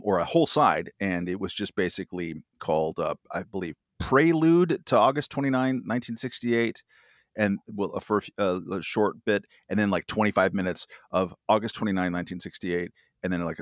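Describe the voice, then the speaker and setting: A man's voice: low voice, brisk, dry recording, clean studio sound. A man in his fifties, a podcast guest, chatting casually in a rambling way with lots of fillers and self-deprecating asides. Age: 50s. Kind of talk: casual chat.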